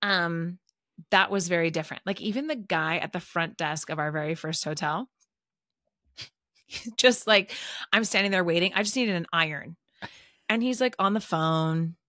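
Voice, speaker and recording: Bright, chatty woman. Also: lowish voice, normal speed, long pauses, no room sound, studio quality. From Southern California. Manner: chatty and digressive, with lots of "like" fillers. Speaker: teacher and podcast regular. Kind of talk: casual podcast chat.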